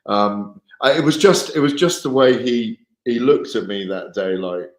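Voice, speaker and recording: A man's voice: mid-range voice, a little slow, echoey room. A man chatting casually on a live show as a boxing journalist, rambling and correcting himself with amusement. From Wales.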